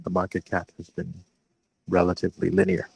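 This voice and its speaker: A man with a deep, even voice runs through trading data in a voice chat. He speaks in a measured, analytical way, laying out each condition in turn. The sound is dry and close. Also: gravelly, husky, no room sound, poor audio. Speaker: regular trader in a live voice chat. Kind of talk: casual market discussion. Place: in a city, away from home.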